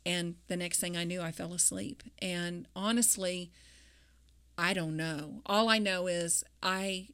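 A woman with a somewhat low voice talks about her faith. She speaks reflectively, pausing often and using many fillers. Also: fairly even intonation, fairly bright tone, smooth. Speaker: guest; grieving mother. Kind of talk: personal faith interview.

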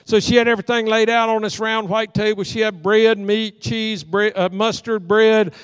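A middle-aged man preaching in a church sanctuary. His voice sits high, and he tells homey stories while slipping into the voices of the people in them. The mic is close and dry, but a long reverb from the hall trails after his words. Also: little pitch movement, normal speed, clean tone. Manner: folksy storyteller acting out dialogue. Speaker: pastor. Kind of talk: storytelling sermon.

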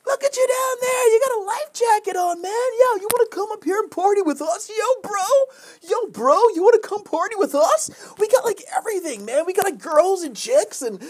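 A rowdy male partier hollers down from a yacht, loud and wound up. The voice sits far above the teller's own and keeps shouting. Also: high voice, fast talker, few pauses, voice pushed up. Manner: shouting, excited, repeats "yo, bro".

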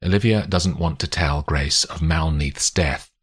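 A deep, husky male voice reading a thriller audiobook. He narrates slowly and expressively, letting his pitch rise and fall widely. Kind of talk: scripted narration.

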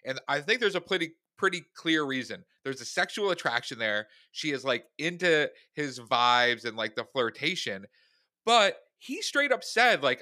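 Bright-voiced man, blunt podcast co-host. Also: on the high side, sing-song, normal speed, no room sound. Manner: blunt and exasperated, quoting people with mock voices. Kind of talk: casual chat.

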